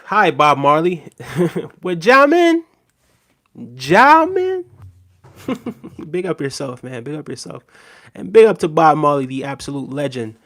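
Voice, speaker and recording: A man's voice: a little high, moderate pace. A man hosting a casual livestream, reading out viewer comments and talking back in a laid-back way, often tagging sentences with "right?". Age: adult with a daughter.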